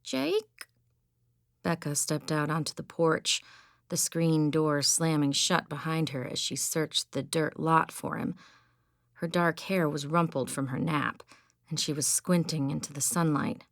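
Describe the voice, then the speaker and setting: Audiobook narrator, woman, low gravelly voice, even scripted delivery, dry close mic. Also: unhurried, no room sound. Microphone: close studio mic.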